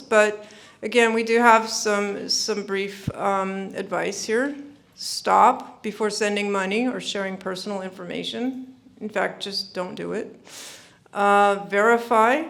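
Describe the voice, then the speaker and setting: Gravelly-voiced woman giving earnest advice. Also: medium pitch. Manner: earnest, repeats herself, many fillers. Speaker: speaker at a senior scam-prevention summit. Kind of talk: informal presentation.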